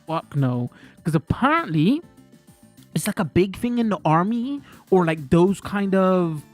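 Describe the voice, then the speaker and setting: A man chatting casually on a live stream, telling rambling stories full of slang and laughter. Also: on the high side.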